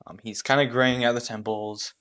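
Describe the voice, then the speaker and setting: A man's voice: mid-range voice, fairly even intonation, normal speed, a bit bright, smooth. A man narrating a story game as game master, rambling, with many fillers and restarts.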